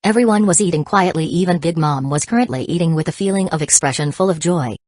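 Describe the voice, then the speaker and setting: Low flat synthetic woman narrating. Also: fast, dry recording. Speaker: audiobook narrator.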